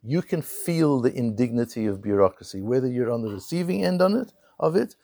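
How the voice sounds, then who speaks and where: A man giving a Torah lecture in a dry, close-sounding recording, his gravelly voice sitting a little high and swinging widely in pitch. He keeps posing rhetorical questions and slipping into quick acted-out scenes to press his point. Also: very animated, warm tone, no room sound. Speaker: Torah teacher.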